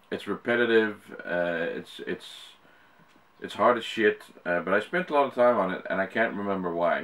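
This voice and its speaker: A man's voice: lowish voice, fairly bright tone. A middle-aged Dutch man with an American-sounding English accent, talking casually to camera and rambling with lots of fillers and restarts. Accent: Dutch speaker with an American-sounding English accent. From Netherlands. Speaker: YouTuber.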